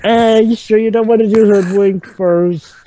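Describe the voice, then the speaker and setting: A man's voice: high voice, fairly even intonation, moderate pace, mellow, slight background noise. A man chatting jokily in a casual group movie commentary, often repeating himself. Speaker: commentary co-host.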